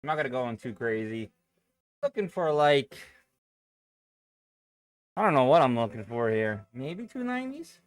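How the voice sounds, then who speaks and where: Chatty profane man, lively pitch. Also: moderate pace, long pauses. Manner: loose and profane, thinking aloud. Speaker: day trading streamer. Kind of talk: casual live-stream chat, reading viewer comments.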